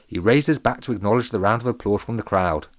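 Guy reading a kids story out loud, playful and funny, lowish voice. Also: quick pace, dry recording, clean studio sound. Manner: playful, animated, comic. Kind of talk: children's story narration.

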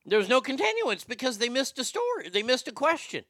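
A man's voice: extremely high pitch, huge pitch swings, brisk, a bit bright, no echo, clean studio sound. A man hosting a talk show, ranting profanely as he tells fired-up stories. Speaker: radio show host.

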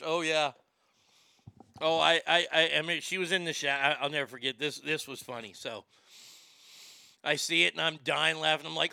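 A man's voice: on the high side, steady tone, moderate pace, gravelly, long pauses, bright, forceful tone, smooth, no room sound, clean studio sound. A man hosting a comedic talk show, laughing often and stammering as he jokes crudely. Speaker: radio show host.

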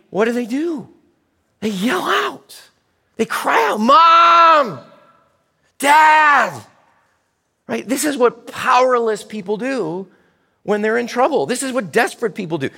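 A man preaching a sermon in church as pastor, animated and speaking directly to the children. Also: sits high, big-room sound.

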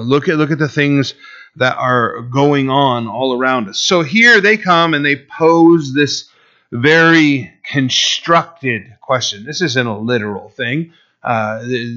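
A man's voice: mid-range voice, bright, forceful tone, dull audio. A man preaching a sermon in a conversational way, sometimes acting out the voices of Bible figures. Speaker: pastor.

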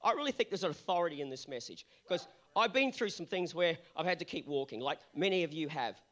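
A man preaching a sermon as pastor, fired up and hoarse, repeating his refrains. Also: a little high, lively intonation, fast, a bit bright.

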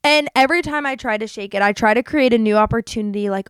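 Speaking fast with few pauses, a young New Jersey woman hosts a podcast in a slightly high, smooth voice. Her monologue is a casual, candid confessional about her own life, chatty and lively with quoted voices. The sound is clean studio audio without room sound.

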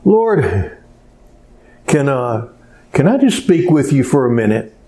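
A man voicing an eager, impulsive male apostle who pleads in a folksy, stammering way, pitched above his own voice. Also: sing-song, slow pace, dark tone. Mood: pleading.

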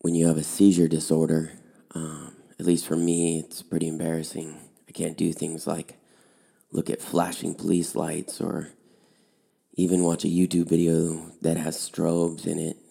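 At a normal speed, in a gravelly, slightly rough voice, a high school outdoor program director relates a personal story. His manner is relaxed and chatty, with fillers.

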